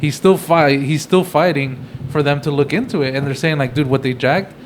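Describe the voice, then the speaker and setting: A young man talks through a film's plot in a relaxed, swearing-heavy podcast chat. His voice is a little high for a man. Faint background hiss sits under the recording. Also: normal speed. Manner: laid-back, profane, chatty. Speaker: podcast co-host. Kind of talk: casual movie review chat.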